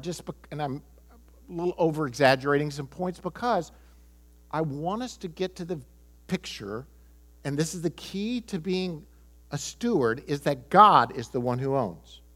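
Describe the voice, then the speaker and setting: A man's voice: fairly high pitch, a bit bright. A middle-aged American man preaching a sermon, emphatic and repeating key phrases. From United States. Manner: emphatic, repeats key phrases, chuckles, quotes people in voices. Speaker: pastor.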